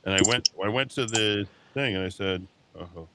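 A man's voice: lowish voice, normal speed, heavy background noise. A man hosting a talk radio show, delivering a heated, combative monologue in a radio studio. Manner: combative, heated, mocks callers with put-on voices.

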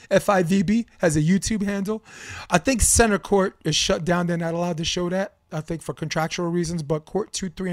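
A man's voice: sits high, a little mellow, no echo, studio quality. Opinionated man hosting a sports podcast. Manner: opinionated, candid, rambling with fillers. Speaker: podcast host, volleyball coach and commentator. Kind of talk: casual sports debate podcast talk.

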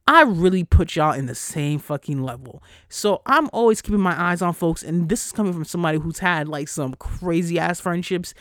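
A fired-up podcaster on a solo rant, cursing hard and firing off blunt questions. The voice sits in a middle pitch and comes through close and dry, with no room sound. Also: animated, a bit bright, dry recording. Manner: heated, profane, fast-cutting rant; frequent cursing and "like" fillers. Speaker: podcast host.

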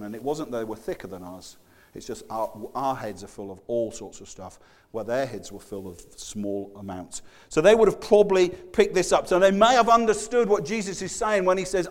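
A middle-aged man preaching a conversational sermon, chatty and self-deprecating, with frequent restarts and stammered repeats. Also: on the high side. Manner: chatty, self-deprecating, acts out everyday voices.

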